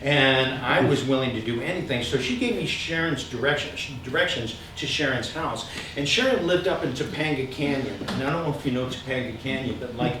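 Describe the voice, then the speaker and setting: A middle-aged man telling humorous personal stories to a live audience, animated and self-mocking, with frequent ums. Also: mid-range voice, fairly quick. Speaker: speaker sharing stories at a gathering. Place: large room with an audience. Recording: echoey hall, from far off, with background noise.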